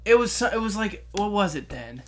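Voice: mid-range voice, sing-song, a little fast, a bit bright. A young adult in a casual chat, teasing and joking, cutting in with silly guesses.

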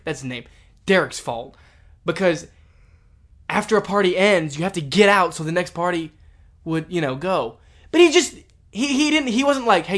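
Young guy, slightly high voice, animated storyteller who rants in loud bursts during casual chat.

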